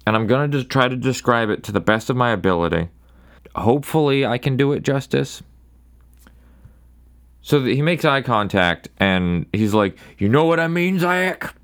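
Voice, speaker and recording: Smooth-voiced man rambling through a story. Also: on the low side, fairly bright tone. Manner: rambling, wry, does quick voices for people in his stories. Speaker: podcast host. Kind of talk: casual solo podcast storytelling.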